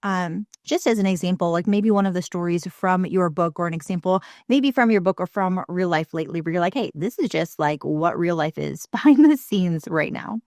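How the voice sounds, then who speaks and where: A woman's voice: fairly low pitch, normal speed, hardly any pauses, no room sound, studio quality. Chatty woman hosting a podcast. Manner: chatty and relaxed, many fillers. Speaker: podcast host. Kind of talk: casual podcast interview.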